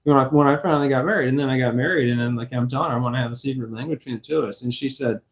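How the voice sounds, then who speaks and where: A man's voice: mid-range voice, rapid-fire, few pauses. A man rambling casually to camera, swearing freely and laughing now and then. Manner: rambling, profane, laughs often. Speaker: vlogger.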